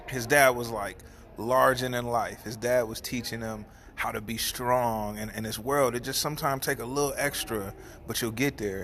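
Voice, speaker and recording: A man speaking casually and sincerely in a middle-pitched voice. He rambles and restarts his sentences, then moves into heartfelt prayer. A steady wash of background noise runs under the recording. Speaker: barber and host.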